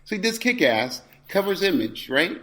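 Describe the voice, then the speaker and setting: A man guest-hosting a podcast in relaxed, casual chat. He talks in an animated way, stammering and repeating himself as he argues his point. He keeps it playful and teasing. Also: high-pitched, normal speed. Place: indoors, recording in person with co-host.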